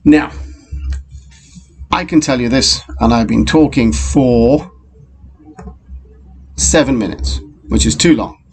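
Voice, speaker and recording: A man teaching a recorded phonics lesson to young children, in a slow and patient way, talking straight to the pupils. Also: mid-range voice, soft background music. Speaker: primary school teacher.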